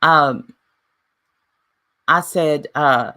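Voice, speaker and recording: Woman, low voice, bright edge, casual vlog monologue, recounting an argument, reads messages aloud. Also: drawn-out words. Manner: retelling a dispute with repeated "I said, she said". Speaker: YouTuber.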